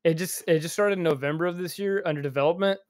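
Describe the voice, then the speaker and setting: A man chatting casually as a podcast co-host, a bit tipsy and excitable as he talks. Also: fairly high pitch, fast talker, no room sound, clean studio sound. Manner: excitable, animated gamer talk. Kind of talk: casual chat among friends.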